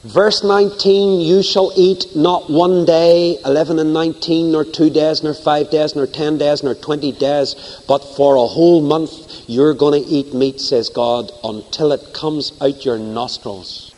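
Preacher with a lively delivery. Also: male voice, a little high, unhurried, few pauses. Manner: animated, acts out dialogue in voices. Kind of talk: sermon. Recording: long hall reverb.

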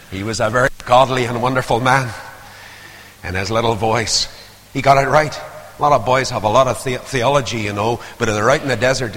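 An older man preaching a sermon, swinging from hushed asides to loud, rising appeals. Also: mid-range voice, slight background noise. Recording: long hall reverb.

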